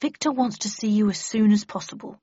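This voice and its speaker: A woman's voice: mid-range voice, fairly quick, mellow, breathy edge, no echo, highs cut off, close to an everyday voice. A woman reading a matter-of-fact colleague on the phone. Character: hurried colleague passing on office news by phone.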